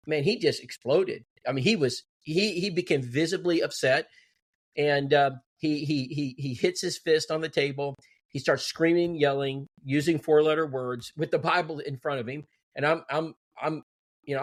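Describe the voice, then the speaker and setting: A middle-aged man telling a story in casual, animated talk and acting out what others said. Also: on the high side. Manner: animated, quoting others in dialogue. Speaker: guest telling a testimony.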